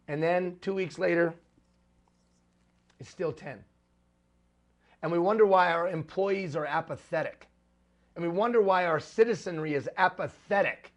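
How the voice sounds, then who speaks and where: A man's voice: fairly high pitch, measured pace, long pauses. A man giving a live motivational talk to executive leaders. He speaks emphatically and repeats refrains for rhetorical effect.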